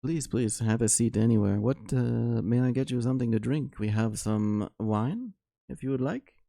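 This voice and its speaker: A man voicing an eager, courteous male tavern server in a tabletop game, speaking in effusive host patter a little higher and louder than his narration. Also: moderate pace, vocal fry, dry recording, studio quality, natural voice. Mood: welcoming.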